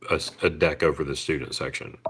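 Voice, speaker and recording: Deep husky guy, laid-back wry football talk on a podcast. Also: level tone, quick pace, fairly bright tone. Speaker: podcast co-host. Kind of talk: casual sports chat.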